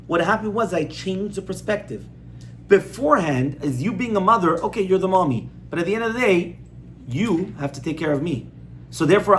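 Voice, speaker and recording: Over slight background noise, a man with a high-pitched, fairly bright voice teaches an informal Torah class about parenting as a rabbi. His conversational, firm style includes repeated points and rhetorical questions aimed at listeners.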